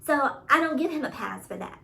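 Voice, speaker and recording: A woman's voice: high voice, lively intonation, a little fast, vocal fry, pushed and bright, far from the mic, rough recording. A woman with a New York accent giving casual opinion commentary, emphatic, repeating her points and laughing often. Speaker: commentary vlogger.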